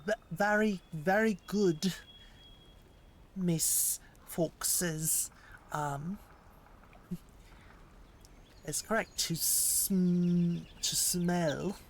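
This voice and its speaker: A woman playing a theatrical, teasing British woman teacher with a put-on British accent, quizzing in a drawn-out, mock-stern way. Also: lowish voice, a little hiss or hum.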